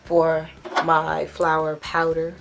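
Casual young female beauty vlogger, deep congested voice, talks in loose rambling asides. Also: completely flat delivery, slow pace, creaky. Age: young adult. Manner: chatty, rambling with self-corrections. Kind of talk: casual makeup box review.

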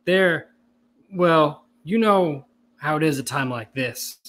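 A man voicing a tired, apologetic young male soldier aide who speaks haltingly. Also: fairly high pitch, animated, a bit bright. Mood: hesitant.

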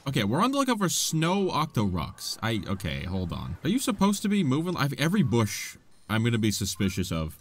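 A man giving playful, excitable gameplay commentary as a gaming YouTuber, chatting to the monsters on screen. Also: mid-range voice, fairly quick.

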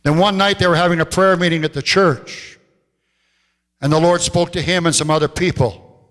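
A man pastor preaching a sermon, telling stories and slowing down to stress key phrases. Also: steady tone, a bit bright. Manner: storytelling preacher, rises in pitch for quoted voices, slows for emphasis. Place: church sanctuary. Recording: long church hall reverb.

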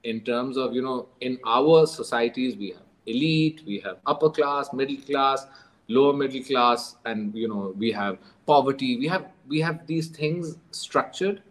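Man, author guest, lively anecdotal telling, mid-pitched voice, breaks into laughter often. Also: unhurried, poor audio. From Pakistan. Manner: animated storyteller, mixes in Urdu phrases; laughs while telling grim stories. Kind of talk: storytelling interview.

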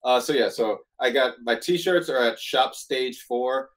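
A man's voice: medium pitch, measured pace, fairly bright tone, low-quality recording. A man guesting on a podcast, talking in a laid-back, hesitant way with plenty of "uh" and "um" fillers. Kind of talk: casual conversation.

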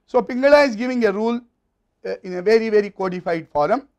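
A man's voice: sits high, fast, highs cut off. A man with an Indian English accent giving a university lecture, explaining step by step in a methodical way.

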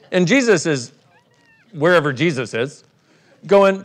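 A man's voice: sits high, very animated, unhurried, pauses often, fairly bright tone. A man leading a live workshop for an audience, irreverent and playful, joking, swearing and laughing as he talks. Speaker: workshop facilitator.

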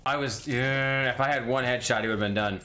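A man's voice: medium pitch, fairly quick. A man commentating his own gameplay casually, mocking himself and yelping when things go wrong. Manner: self-mocking, excitable yelps. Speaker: gaming streamer.

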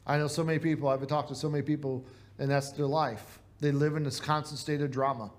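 Earnest Midwestern preacher man, fairly high voice. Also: level tone, fast talker. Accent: Midwestern American. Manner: earnest, conversational preaching with rhetorical questions. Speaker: pastor. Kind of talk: sermon. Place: church.

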